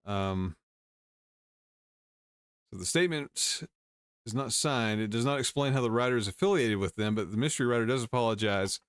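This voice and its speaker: A man's voice: medium pitch, normal speed, pauses often, smooth, no echo, clean studio sound. A male host casually reading and commenting on news stories, wry, with chuckling asides.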